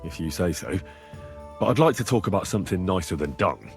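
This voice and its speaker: A man's voice: low voice, lively intonation, fairly quick, gravelly, soft background music. An actor playing an earnest young man, plain-spoken with a dry, wry humor. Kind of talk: video game dialogue.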